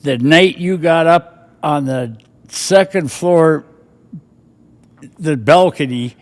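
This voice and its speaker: A man's voice: on the high side, takes it slowly, long reverb tail. Older man reminiscing with a chuckle. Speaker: guest. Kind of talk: casual storytelling.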